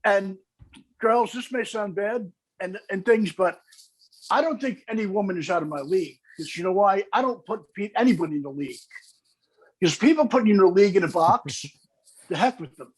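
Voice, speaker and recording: A man's voice: sits high, expressive, brisk, slightly rough, poor audio. A man guest on a comedy podcast who talks in an eager, earnest and flirty way. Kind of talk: casual chat.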